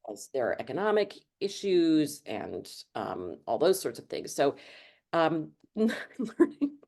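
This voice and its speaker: A middle-aged woman author chatting in an interview, rambling warmly with lots of fillers and restarts. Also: low voice, sing-song, takes it slowly, gravelly. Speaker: author guest. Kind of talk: casual interview chat.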